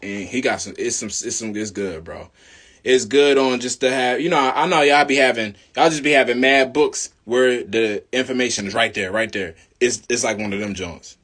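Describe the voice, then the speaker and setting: A young man in a casual, slangy monologue, preaching about spirit and law, swinging between loud bursts and low mutters. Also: moderate pace. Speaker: video host.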